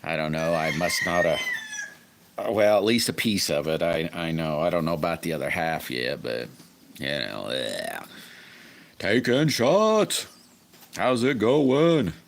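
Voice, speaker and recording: A man's voice: very deep voice, expressive, moderate pace, creaky, fairly bright tone, slight background noise. A man hosting a casual livestream, greeting viewers by name and rambling through his workshop troubles. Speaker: livestream host. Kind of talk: casual live-stream chat.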